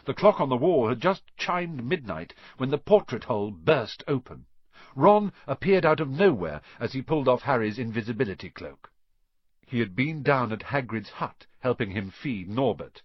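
A man narrates a children's storybook in a husky, lively voice that swings expressively. The recording is dry and somewhat dull. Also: mid-range voice, moderate pace, no echo. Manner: expressive, voices each character. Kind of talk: storybook reading.

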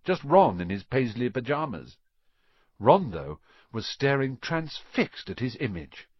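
A man narrating a story in an expressive reading voice, dropping to a hush at quiet moments. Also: medium pitch, a little slow, husky, dry recording, highs cut off. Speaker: audiobook narrator.

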